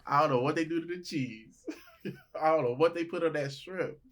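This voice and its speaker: A man's voice: on the high side, moderate pace, a bit bright. A man who is a comedian, guest on a podcast, talking in a laid-back, joking and teasing way. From Nigeria. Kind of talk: casual chat.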